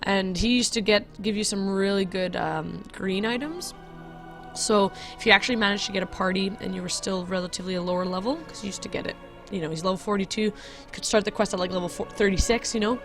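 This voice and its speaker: A woman hosting a game video, talking at a mid pitch in loose, chatty commentary. She giggles and keeps correcting herself, with soft music in the background. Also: steady tone, fast talker. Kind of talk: casual gameplay commentary.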